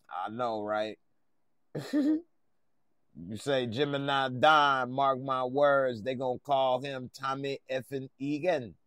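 Chill guy live streaming, greets chat by name, laughs a lot, talks slow, dry close sound. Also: medium pitch, no room sound. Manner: relaxed, greets viewers by name, laughs often. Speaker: live stream host reacting to a TV episode.

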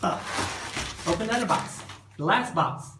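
A woman's voice: mid-range voice, lively intonation, moderate pace. A woman filming her child open packages, teasing and lightly scolding in casual family chat. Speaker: parent filming a child's unboxing. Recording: echoey room with background noise.

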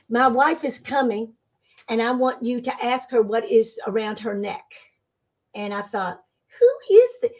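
A woman being interviewed as a spiritual medium, telling stories in a casual, animated way and acting out the voices she quotes. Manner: animated, acts out quoted voices with sudden pitch jumps. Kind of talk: casual storytelling.

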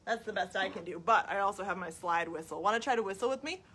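Her mid-range voice is animated and fast, with heavy background noise around it. She's a children's librarian at a library storytime captured for a live video stream, reading a picture book in a sing-song tone and prompting the young audience with questions.

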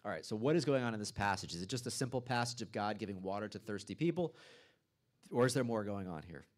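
Low-voiced male pastor preaching a sermon. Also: lively intonation, fast talker. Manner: reads scripture then explains it conversationally, with asides. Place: church.

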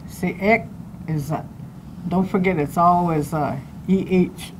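Slow-paced woman teaching pronunciation. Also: lowish voice, darkish tone, slight background noise. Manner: slow, drawn-out syllable-by-syllable pronunciation. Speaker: language teacher. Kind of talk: classroom language lesson. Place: classroom.

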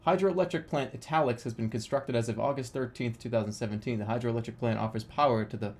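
A man streaming a game, rambling and joking about himself, then breaking into excited shouts. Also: mid-range voice, fast. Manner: rambling, self-mocking, bursts into excited shouting. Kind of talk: casual live-stream commentary while gaming.

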